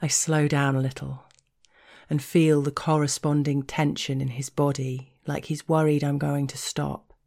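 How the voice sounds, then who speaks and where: A woman narrating an explicit erotic story in a frank, unhurried way, sometimes dropping into a whisper. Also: low voice, little pitch movement, vocal fry, a little mellow.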